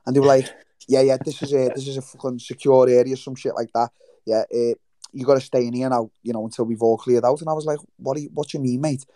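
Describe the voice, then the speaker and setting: A man's voice: medium pitch, steady tone, fast, mellow, no echo. A man, chatting casually in an interview, swearing freely and telling stories with quoted voices. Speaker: guest fighter. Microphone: remote livestream call.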